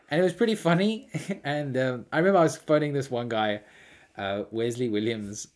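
A man telling prank-call stories in casual chat, animated and laughing often. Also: medium pitch, moderate pace. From South Africa.

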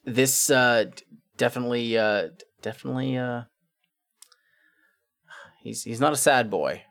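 A man co-hosting a casual album discussion podcast, talking in a halting way with many fillers. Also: mid-range voice, creaky, fairly bright tone, dry recording, clean studio sound. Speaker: podcast co-host.

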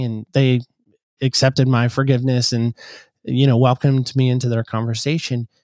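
A man's voice: mid-range voice, little pitch movement, moderate pace, a little mellow, dry recording. Regular guy telling a story on an interview, earnest, does little voices for people, dry close mic. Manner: earnest, acts out quoted voices. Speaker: podcast host, guest. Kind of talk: conversational storytelling.

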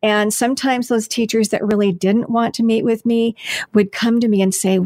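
A woman's voice: on the high side, fairly even intonation, moderate pace, a little mellow, no room sound. A woman hosting a podcast who speaks candidly and hesitantly in casual conversation, restarting her sentences.

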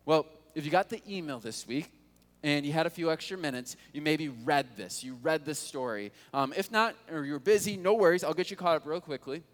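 A man's voice: fairly high pitch, fairly quick. A male pastor preaching a sermon, retelling scripture in a casual, conversational way with frequent rhetorical questions. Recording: long hall reverb.

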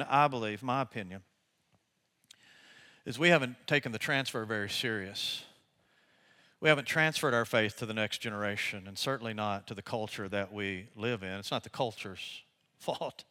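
Bright-voiced older man preaching. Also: fairly high pitch. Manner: conversational, animated storytelling with laughter. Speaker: pastor. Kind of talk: sermon.

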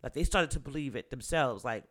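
A man's voice: mid-range voice, animated, fairly quick, a bit bright. A man in casual chat, animatedly retelling a reality show, acting out quotes in a raised voice with frequent fillers. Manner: frequent fillers like um and you know. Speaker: commentator recapping a reality show.

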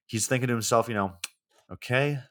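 A podcast host with a voice on the low side, a bit bright, speaks at a moderate pace as he casually recaps a film's plot in a laid-back, wry way, swearing plenty.

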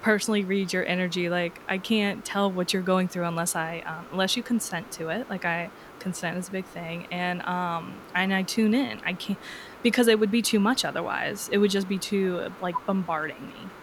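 A woman's voice: fairly low pitch, fairly even intonation, moderate pace, noisy background. A woman talking casually as an interview guest, chatty and full of filler words, laughing often. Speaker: energy healer guest.

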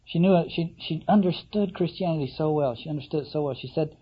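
A man lecturing reflectively on a novel, musing aloud with halting restarts and rhetorical questions. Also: on the high side, breathy edge. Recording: slightly muffled lo-fi recording.

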